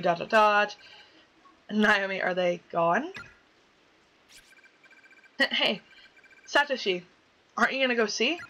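A woman's voice: medium pitch, bright, forceful tone, poor audio. A woman playing a horror game on video, chatting casually, reading the story aloud and yelping at the scares. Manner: jokey, easily spooked, yelps at scares. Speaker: let's play gamer.

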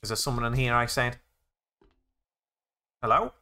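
A young man playing a zombie game, excitable and jokey, narrating his actions with "I said". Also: mid-range voice, moderate pace, smooth. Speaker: gaming YouTuber.

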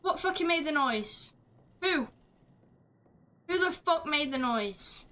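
High bright-voiced woman streamer. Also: animated, slow, pauses often. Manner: chatty, swears freely, yells at the game. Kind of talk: live gameplay commentary.

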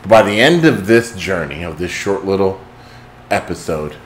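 A man hosting a motivational talk, telling a dramatic story that swings from hushed intensity to shouting. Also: low voice, lively intonation, moderate pace, slight background noise. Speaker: host.

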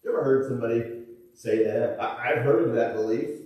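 A man's voice: medium pitch, a little fast, dark tone. A male pastor preaching a sermon in a church auditorium, talking conversationally with folksy asides and chuckles. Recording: echoey church hall, mic at a distance.

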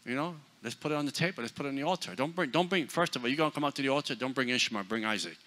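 Bright, forceful male preacher. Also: mid-range voice, expressive, racing, few pauses. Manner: forceful, blunt, swings between loud and hushed. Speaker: guest preacher. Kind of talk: sermon. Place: church.

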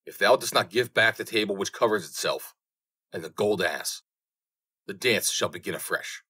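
A bold young tradesman back from his travels, as a male reader puts him on. He speaks with confident, formal old-fashioned phrasing in a storybook tale. His voice sits low. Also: lively intonation, normal speed, pushed and bright, breathy edge, heavily acted. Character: young male turner apprentice, proud and bold.

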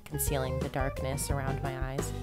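A woman's voice: extremely low pitch, completely flat delivery, moderate pace, over loud music. A young woman chatting casually through a makeup tutorial, rambling with lots of ums and likes. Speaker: beauty vlogger.

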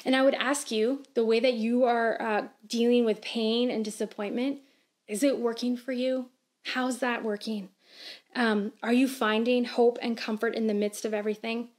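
A woman in her thirties preaching to a church livestream with a fairly high voice. She talks in an earnest, conversational way and asks gentle questions as she goes. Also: steady tone, moderate pace. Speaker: pastor. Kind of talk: sermon.

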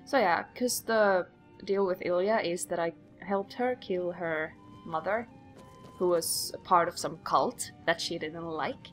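A woman's voice: on the low side, a little slow, faint music behind. A young woman hosting a game playthrough, chatty and rambling, acting out the voices she quotes. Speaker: let's play host. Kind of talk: casual gameplay commentary.

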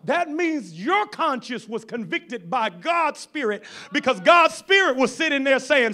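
A man preaching a sermon as pastor, folksy and fiery, at times rising to shouts. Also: very high-pitched, expressive, measured pace, few pauses.

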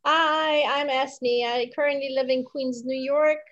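Relaxed woman raised in Austria. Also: high voice, measured pace. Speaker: guest. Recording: muffled video call audio.

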